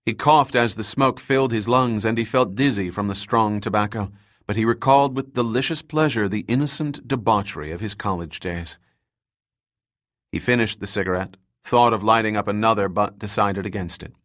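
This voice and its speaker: Low-voiced man narrating a thriller. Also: normal speed, a bit bright, no echo, studio quality. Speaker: audiobook narrator. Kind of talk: scripted narration.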